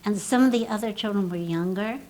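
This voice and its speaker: An older woman from the US East Coast with a little squeaky voice, telling animated stories as a guest in a casual interview. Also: brisk, slight background noise, rough recording. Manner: animated storyteller, laughs often. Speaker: guest actress.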